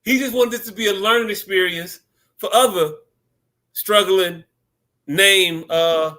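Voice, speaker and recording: A man co-hosting a podcast, talking in animated, joking banter with drawn-out storytelling. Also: high voice. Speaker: podcast co-host.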